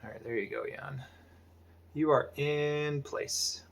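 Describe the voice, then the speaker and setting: A man's voice: fairly high pitch, fairly even intonation, slow pace, creaky, a little hiss or hum. A man talking through his drawing process in a casual tutorial, thinking aloud and hesitating, often dropping to half-whispered asides. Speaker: art instructor.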